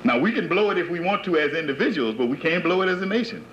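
A bright, forceful man preaches to followers in emphatic, repeated phrases and keeps asking them questions. His high voice swings up and down across a wide range. The sound is a dull, lo-fi 1980s tape with faint hiss underneath. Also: animated, fast. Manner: emphatic, repetitive rhetorical questions. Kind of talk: sermon-like lecture to followers.

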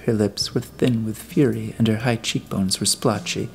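A male audiobook narrator reads in a measured, even manner. His voice sits low with a gravelly rasp, and soft music plays faintly in the background. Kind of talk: scripted narration.

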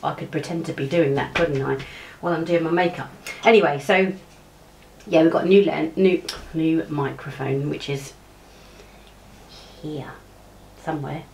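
An English beauty vlogger chats casually to camera while doing her makeup, rambling with lots of fillers and restarts. Her voice is low, gravelly and a little mellow, at a normal pace. The cheap clip-on mic at home picks up a slight hiss or hum and echoey room sound.

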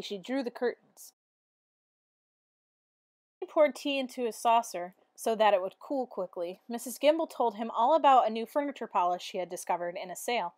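A woman reading a children's picture book aloud in a steady, expressive way. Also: on the high side, no echo, clean studio sound. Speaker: teacher.

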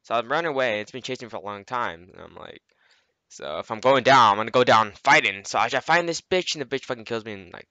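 Male gamer, casual rambling commentary, constant profanity, sharp tone. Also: medium pitch, expressive, fast, dry recording. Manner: rambling, heavy swearing. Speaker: gameplay commentator. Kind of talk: casual narration over gameplay footage.

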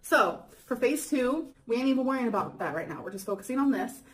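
A woman vlogging casually to camera, chatty and excitable with frequent giggles. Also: fairly high pitch, quick pace, low-quality recording.

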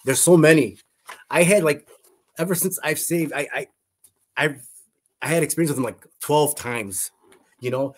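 A man's voice: fairly high pitch, moderate pace, long pauses. A man, a guest in an interview, telling an emotional faith testimony in an earnest, fervent way, often repeating words and restarting his sentences. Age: adult.

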